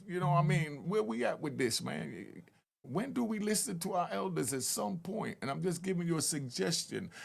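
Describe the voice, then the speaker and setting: Older New man in his sixties, gravelly and a touch high, earnest street-wise host making a direct plea. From Harlem, New York. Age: 60s. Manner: earnest, pleading, street-style talk with rising emphatic peaks. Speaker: channel host telling prison stories. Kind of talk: direct-to-camera commentary.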